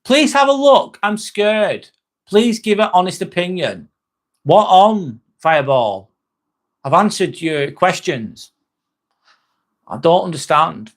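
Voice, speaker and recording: A man's voice: on the high side, lively intonation, a little slow. Chatty man on a livestream. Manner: chatty, reassuring, apologetic. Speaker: livestream host. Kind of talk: casual live-stream chat reading comments.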